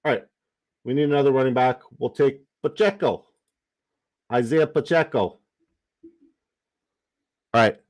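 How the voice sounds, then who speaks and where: A man's voice: mid-range voice, measured pace, pauses often, no room sound. Young guy streaming, swears a lot, gets hyped and rambles, dry close sound. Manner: profane, excitable, rambling asides. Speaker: livestream host. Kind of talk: casual livestream chat.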